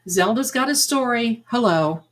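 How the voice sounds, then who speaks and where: A woman's voice: on the high side, expressive, measured pace. An older woman hosting a psychic livestream in casual, effusive chat, full of endearments like "my darling.". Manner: chatty and effusive, showering viewers with endearments. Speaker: psychic medium and livestream host.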